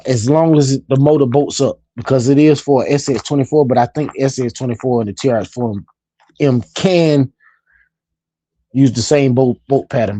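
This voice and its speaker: A man's voice: mid-range voice, mellow, no room sound. A man hosting a casual hobby live stream, chatting in a laid-back, talkative way and often repeating his phrases. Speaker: livestream host.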